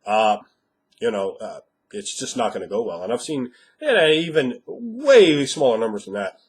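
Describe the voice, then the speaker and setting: A man speaking as a game master, giving blunt, emphatic tips with frequent swearing, slightly hoarse after a cold. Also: medium pitch, sing-song, moderate pace. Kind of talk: instructional monologue.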